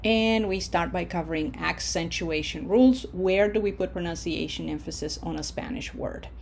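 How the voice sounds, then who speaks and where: A woman teaching a recorded language lesson, modeling words clearly for repetition and checking in with frequent "okay?" prompts. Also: on the low side, a little hiss or hum. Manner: slow, deliberate, checks in with "okay?". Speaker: Spanish teacher.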